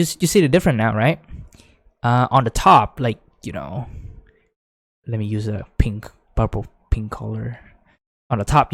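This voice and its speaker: A man giving a casual whiteboard lecture, full of fillers like "right?", growing excited as he explains. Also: mid-range voice, no room sound, studio quality. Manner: chatty, many fillers, rising excitement when explaining. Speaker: teacher.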